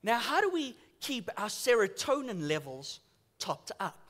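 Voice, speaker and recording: Animated high-voiced preacher. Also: male voice, unhurried. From South Africa. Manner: animated storytelling with acted-out voices. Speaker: pastor. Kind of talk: sermon. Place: church.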